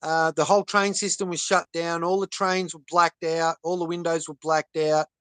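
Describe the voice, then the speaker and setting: A man talking on a livestream in an earnest, halting way, with many pauses and fillers. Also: a little high, flat delivery, a bit bright, clean tone, no room sound. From Australia. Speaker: livestream guest. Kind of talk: casual livestream talk.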